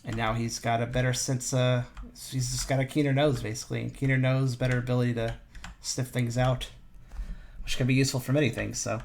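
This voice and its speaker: A man's voice: mid-range voice, level tone, fairly quick, creaky, darkish tone, a little hiss or hum. Brief: male streamer, casual rambling chat, self-correcting, chuckles, voice-chat mic. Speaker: streamer and player. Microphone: push-to-talk voice chat mic.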